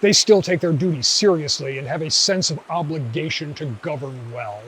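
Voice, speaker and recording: A man, the host of a video essay channel, narrating a scripted commentary in a measured, dryly wry way. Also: a little high, fairly bright tone, a little hiss or hum, rough recording.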